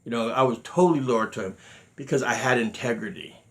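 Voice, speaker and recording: A man's voice: mid-range voice, a little fast. Emphatic man telling stories. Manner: emphatic, repeats words, acts out quotes. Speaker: martial arts grandmaster.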